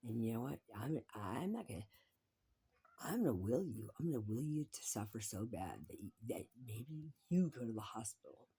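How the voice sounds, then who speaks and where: A woman's voice: a bass voice, very animated, normal speed, warm tone, husky. A woman talking in a rambling personal monologue, repeating herself, swearing freely and sometimes dropping into a whisper.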